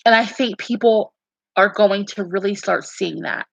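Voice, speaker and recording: A woman's voice: medium pitch, measured pace, creaky, no echo, highs cut off. A woman talking earnestly and emphatically, repeating herself and restarting her sentences as she shares her beliefs and dreams. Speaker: fan sharing beliefs and dreams. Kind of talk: casual earnest talk.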